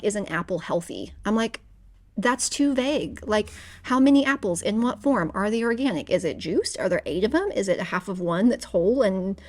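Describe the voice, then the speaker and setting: A woman's voice: mid-range voice, a little mellow. A woman co-hosting a book podcast, talking casually with lots of fillers and acting out her own inner voice. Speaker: podcast co-host. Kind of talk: casual book-club chat.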